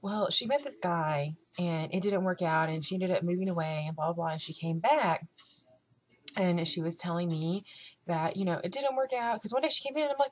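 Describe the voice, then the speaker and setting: A young woman chatting in her vlog, telling a story and acting out both sides of the conversation in a lively way. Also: fairly low pitch, brisk, low-quality recording. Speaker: vlogger. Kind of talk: casual chat.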